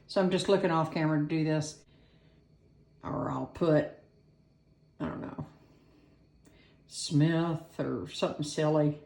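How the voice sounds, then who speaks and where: A woman's voice: low voice, unhurried, creaky, pauses often, darkish tone. A woman hosting a casual home cooking video, chatting and poking fun at herself as she works in front of a camera on a tripod. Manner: chatty, self-deprecating, talks while working. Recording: echoey room.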